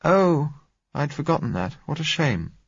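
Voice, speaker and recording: A man voicing a lively, slightly vain young woman in an audiobook, speaking brightly and exclaiming. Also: a little high, quick pace, breathy edge, no room sound, lo-fi sound, voice pushed up, exaggerated voice. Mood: chirpy.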